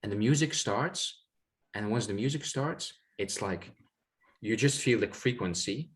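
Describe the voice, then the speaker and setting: This guest has a lowish voice with lively intonation and an unhurried delivery. Chatting casually about a spiritual experience, he reflects and rambles, repeating words and using plenty of fillers.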